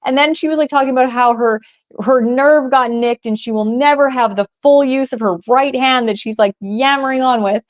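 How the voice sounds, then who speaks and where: Young woman, chatty storyteller, lots of fillers, fairly high voice, dull lo-fi audio. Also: steady tone, moderate pace. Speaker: podcast co-host. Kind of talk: casual chat.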